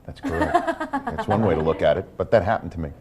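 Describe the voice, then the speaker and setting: A man telling a comic anecdote as a game-show guest, lively and self-assured. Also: deep voice, fast, a crowd in the background. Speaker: guest contestant.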